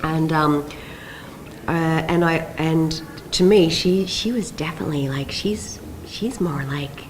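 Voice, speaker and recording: An Australian woman on a convention panel, telling animated stories and acting out the people she quotes. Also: sits low, takes it slowly, slight background noise, rough recording. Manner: animated, laughing storyteller who acts out quoted voices. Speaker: panel guest.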